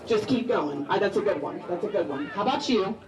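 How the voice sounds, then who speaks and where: A woman's voice: medium pitch, lively intonation, a little fast, crowd noise, low-quality recording. A woman emceeing a live eating contest on a handheld mic, bubbly and joking as she chats with contestants. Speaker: event emcee. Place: busy restaurant event.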